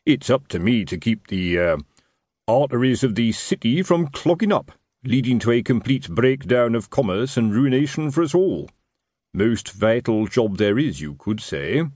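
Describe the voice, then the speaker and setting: A man's voice: mid-range voice, very animated, normal speed, a little mellow, dry recording, clean studio sound, pitched above the performer's own voice. A man playing a middle-aged city watch sergeant who talks expansively and self-importantly in a working-class way.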